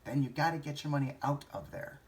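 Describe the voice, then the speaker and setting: A fairly high-pitched, fairly quick male voice belongs to a stock trading vlogger working through a trade out loud in a rambling, self-questioning way, swearing now and then.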